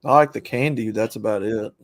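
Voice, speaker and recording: A young adult man with a lowish voice chats casually as a guest at normal speed, with no room sound. He comes across laid-back and noncommittal, chuckling now and then.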